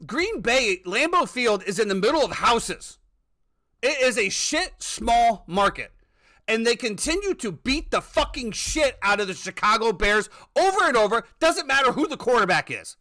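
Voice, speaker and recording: A man's voice: very high-pitched, big pitch swings, normal speed, sharp tone. A man hosting a casual sports talk podcast, ranting with plenty of profanity. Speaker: podcast host.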